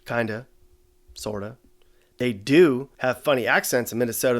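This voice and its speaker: Male host, deadpan sarcastic comedy narration, mid-pitched voice. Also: normal speed, long pauses.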